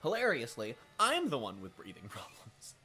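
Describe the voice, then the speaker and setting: A man with a raspy, smoker-like voice streams a racing management game in relaxed, profane commentary. His tone is bright and edgy, and he makes dry jokes as he thinks aloud about his strategy. A faint hiss sits under the recording. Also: mid-range voice, normal speed. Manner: profane, wry, thinking aloud while playing. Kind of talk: casual live-stream commentary.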